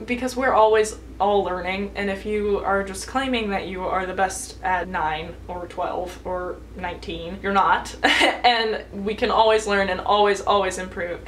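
A woman's voice: mid-range voice, a bit bright, a little hiss or hum. An eighteen-year-old American woman answering viewer questions in a casual vlog, bubbly and chatty, giggling between answers. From United States. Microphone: camera mic.

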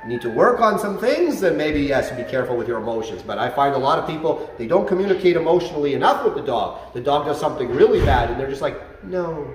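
A man working as a dog trainer explains things to a class in an animated way. He often checks in with "okay?" and "right?". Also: a little high, fast talker, hardly any pauses, distant mic, a little hiss or hum. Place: dog training facility, indoors. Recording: roomy echo, set back from the mic.

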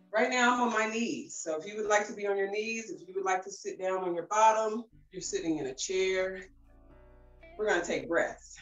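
Bubbly lady guiding deep breaths, medium pitch, echoey room, faint music behind. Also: moderate pace, lo-fi sound. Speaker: wellness class leader. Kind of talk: guided breathing session.

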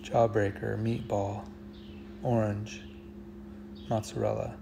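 A man's voice: lowish voice, level tone, slow pace, vocal fry, background noise. A man thinking aloud as he solves a word puzzle, musing half to himself and sometimes dropping to a near whisper. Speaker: puzzle channel host.

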